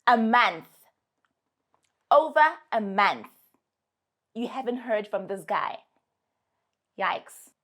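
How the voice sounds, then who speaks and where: A woman's voice: mid-range voice, very slow, long pauses. A young adult woman with a South African accent, giving casual, emphatic advice to her followers. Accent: South African English. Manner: animated, emphatic, sassy.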